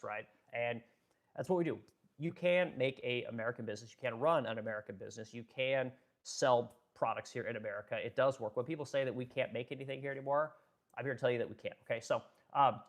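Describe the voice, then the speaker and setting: A man talks at a quick clip on a live stream, blunt and profane. He rambles and restarts his sentences as he works through chat comments. His pitch sits in an ordinary middle register. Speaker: live streamer and furniture business owner.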